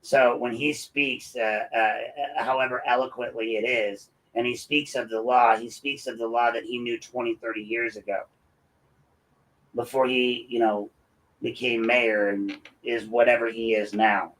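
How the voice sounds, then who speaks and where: A man's voice: medium pitch, level tone, measured pace, a bit bright, rough recording. A man hosting his own show, ranting in a combative and mocking commentary. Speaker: host and local activist.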